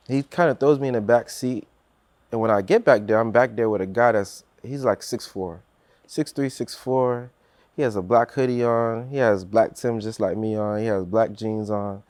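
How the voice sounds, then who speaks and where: A man's voice: mid-range voice, unhurried, a little mellow, dry recording. A man telling a personal story on a podcast in earnest, acting out what others said, with many restarts.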